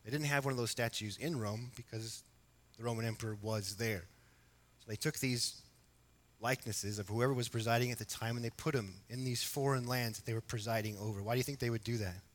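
Bright-voiced man preaching a sermon. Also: mid-range voice. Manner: emphatic, rising to loud exhortation, then quiet and reflective; asks the congregation questions. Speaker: pastor. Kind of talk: expository sermon.

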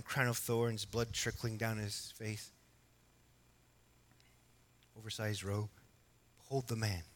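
A man preaching an expository sermon, emphatic at times and quiet at others, asking his congregation questions. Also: on the low side. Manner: emphatic, rising to loud exhortation, then quiet and reflective. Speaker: pastor.

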